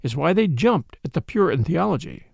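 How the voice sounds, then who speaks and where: A man doing a quiet, genial old priest. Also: very animated, brisk, gravelly, slightly rough, no echo, exaggerated voice. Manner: quiet, gentle, easy low tone. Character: gentle, genial elderly priest detective.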